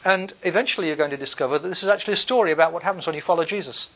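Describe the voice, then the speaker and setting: High-voiced guy lecturing his class, lots of ums and restarts, wry and easygoing. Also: racing, fairly bright tone. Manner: thinking aloud with frequent fillers and restarts.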